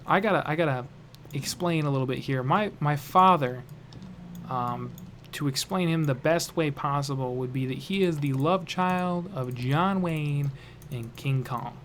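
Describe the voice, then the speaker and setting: Young man, storytime vlog, rambling, jokey, slightly high voice, faint hiss. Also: moderate pace, fairly bright tone. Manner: rambling, lots of fillers and restarts, jokey.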